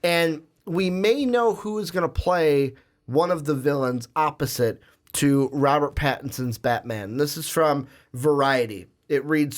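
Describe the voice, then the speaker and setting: A young man hosting a casual podcast, rambling and chatty, with frequent fillers and restarts. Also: a little high. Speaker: podcast host.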